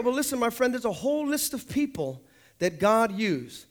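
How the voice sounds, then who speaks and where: Male pastor, high lively delivery, sermon with jokes. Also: moderate pace. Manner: animated, joking, swinging between loud highs and low asides.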